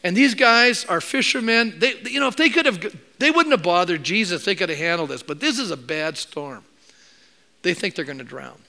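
Pastor, male, fairly high voice, animated storyteller preaching to his church. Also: normal speed. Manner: animated storytelling, acts out quoted voices, jokes with the congregation. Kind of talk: sermon.

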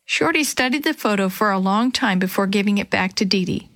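A woman reading a children's chapter book aloud, telling the story gently and lightly voicing the characters. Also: medium pitch, expressive, a little fast, dry recording. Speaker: storybook reader.

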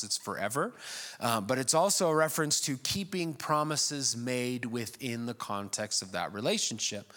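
Man preaching a conversational sermon. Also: mid-range voice. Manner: conversational and self-deprecating, with lively animated asides. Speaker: pastor.

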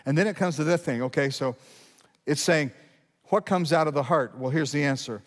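A middle-aged man preaching a sermon to his congregation in a conversational way, often restarting his sentences and slowing down to read verses. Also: on the high side. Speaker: pastor. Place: church sanctuary. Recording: long hall reverb.

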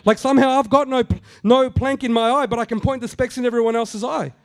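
A man's voice: extremely high pitch, fairly even intonation, fast. A middle-aged man preaching a conversational sermon, repeating phrases for emphasis and acting out the quotes he tells. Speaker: pastor.

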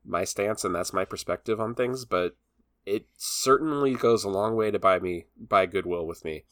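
A man with a very low voice, talking loosely in a movie review chat. He rambles and restarts, laughing as he goes. The sound is dry and close, with no room around it. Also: normal speed, a bit bright, dry recording.

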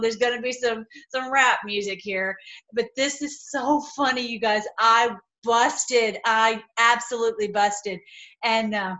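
A woman's voice: fairly high pitch, pushed and bright. A woman chatting casually to her viewers in a rambling way, often breaking into laughter. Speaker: political video blogger. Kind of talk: casual to-camera chat.

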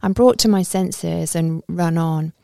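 A woman narrating a story in the first person in a steady, measured way. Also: on the low side, creaky, dry recording, studio quality. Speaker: audiobook narrator.

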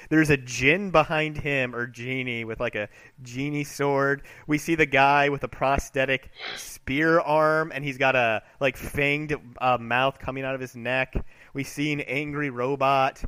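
Bright-voiced man chatting on a podcast. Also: fairly high pitch. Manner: chatty, quick to laugh at his own jokes. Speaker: podcast co-host. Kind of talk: casual comic-book podcast chat.

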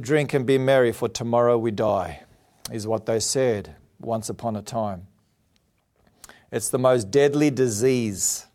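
A man's voice: medium pitch, a little mellow. A male preacher giving a televised sermon, earnest and emphatic, asking rhetorical questions. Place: TV studio.

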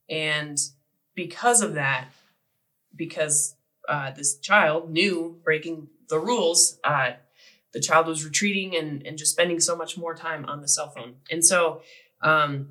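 A man telling a story as part of a sermon, talking haltingly with many pauses and restarts. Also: fairly high pitch, sharp tone, low-quality recording.

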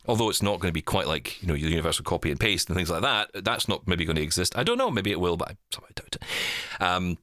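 A man's voice: deep voice, sing-song, quick pace, hardly any pauses, bright, forceful tone, no echo, clean studio sound. A man hosting a casual podcast panel chat, rambling and self-deprecating. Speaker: podcast host.

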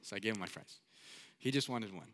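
A man's voice: lowish voice, animated, a little fast, a bit bright. A man preaching a sermon in a casual, storytelling manner, often repeating his phrases.

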